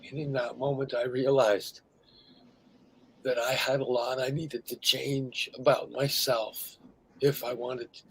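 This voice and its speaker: A middle-aged man hosting an interview, speaking candidly and emphatically, sometimes dropping to hushed tones. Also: mid-range voice, a little hiss or hum, poor audio. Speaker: host.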